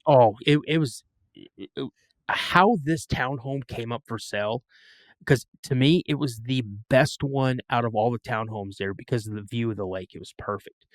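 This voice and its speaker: A man tells a story as a podcast guest in a casual, lively way, now and then acting out the voices of others. His voice sits at a middle pitch for a man. The recording is close and dry. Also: moderate pace, no echo. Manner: animated, acts out quoted voices.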